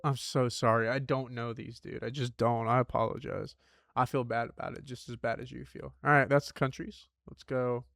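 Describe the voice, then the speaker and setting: A man's voice: medium pitch, little pitch movement, moderate pace, gravelly, fairly bright tone, no echo, studio quality. A young man streaming a puzzle game from home, rambling and joking in slangy casual chat. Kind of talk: casual live-stream chatter.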